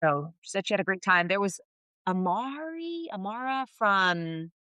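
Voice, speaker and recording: A woman's voice: medium pitch, big pitch swings, measured pace, pushed and bright, smooth, no room sound. Chatty woman agreeing on a podcast. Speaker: podcast co-host. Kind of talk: casual reality-TV recap chat.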